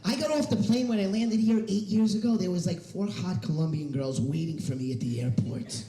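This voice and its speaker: A man doing a stand-up comedy set on a stage in a hair salon, animated and swinging into loud shouted punchlines. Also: high-pitched, a little fast. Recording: roomy echo of a live room.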